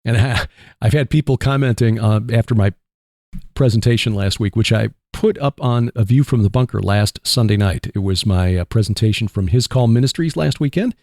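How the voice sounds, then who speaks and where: A man with a Midwestern accent hosting a casual Christian radio talk show, rambling and halting with fillers. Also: on the low side, darkish tone, no echo, studio quality. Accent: Midwestern American. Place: barn studio.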